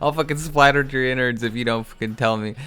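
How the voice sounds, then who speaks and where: A man's voice: mid-range voice, fast, fairly bright tone, lightly acted. A man voicing a furious greedy alien hoarder. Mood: ranting. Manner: casual slang, rough swearing.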